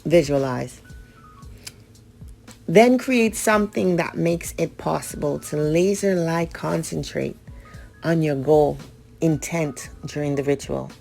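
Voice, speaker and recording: Woman, radio host, low voice, gravelly fry, reads instructions, blunt profane asides. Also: slow, long pauses, darkish tone, soft background music. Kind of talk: reading ritual steps with casual asides.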